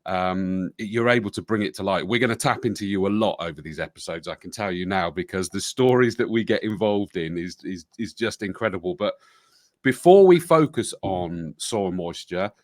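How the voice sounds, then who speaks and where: A man's voice: deep voice, lively intonation, normal speed, no room sound, studio quality. A British man hosting a podcast, chatting casually with a jokey, self-deprecating manner. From Britain. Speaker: podcast host.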